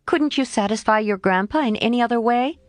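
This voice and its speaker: A woman reading an audiobook, voicing a lively, tomboyish teenage girl who speaks eagerly and coaxingly. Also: on the high side, brisk, dry recording, voice pushed up, lightly acted.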